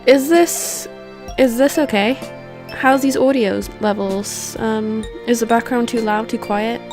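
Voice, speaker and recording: A woman's voice: on the high side, measured pace, music in the background. A woman streamer chatting casually and playfully through a game, often poking fun at herself. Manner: chatty, self-mocking and playful. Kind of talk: casual gaming livestream chat.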